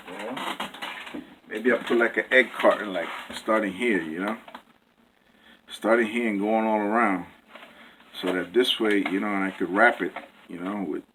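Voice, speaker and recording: A man's voice: on the low side, fairly bright tone, slight background noise, poor audio. A man rambling through a casual home cooking vlog, full of fillers and restarts, joking with himself as he talks. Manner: jokey, self-amused. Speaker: cooking video host.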